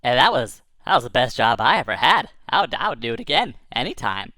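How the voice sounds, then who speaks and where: A woman's voice: very deep voice, big pitch swings, fairly quick, bright, forceful tone, dry recording, clean studio sound. A woman telling a silly first-person tall tale for kids, playful and exaggerated, breaking into sing-song chants. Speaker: storyteller.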